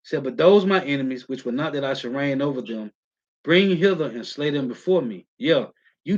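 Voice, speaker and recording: A man's voice: on the high side, lively intonation. Emphatic slangy preacher man, lo-fi. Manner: emphatic, slangy, calls listeners "man", reads scripture slowly. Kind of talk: street-style scripture teaching, reading verses. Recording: muffled lo-fi audio.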